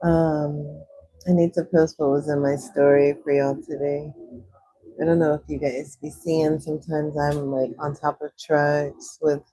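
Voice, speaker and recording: While swatching watercolors on her livestream, a young host chats casually, reading viewers' comments aloud and replying to them. Her voice is mellow, husky and slightly low, breaking now and then into excited high squeals. The pace is a little slow and the recording is rough.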